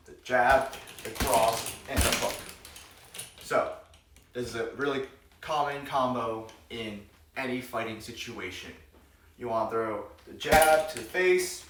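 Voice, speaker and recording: A man teaching self-defense moves in a joking vlog, calling out strikes as he demonstrates them. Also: mid-range voice. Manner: playful, demonstrates moves while explaining, cracks jokes; energetic, calls out strikes during demonstrations. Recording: roomy, distant mic, noisy.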